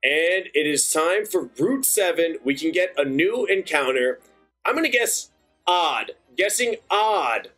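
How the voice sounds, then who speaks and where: A young man hosting a gaming channel, giving chatty, excitable let's-play commentary. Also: fairly high pitch, measured pace, faint music behind. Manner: excitable, chatty, bursts into cheers.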